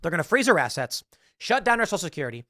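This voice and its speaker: Male host, sarcastic commentary, slightly high voice, dry close mic. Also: rapid-fire, no echo. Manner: sarcastic, animated retelling with quoted voices. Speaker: podcast host. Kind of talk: commentary reading an article aloud.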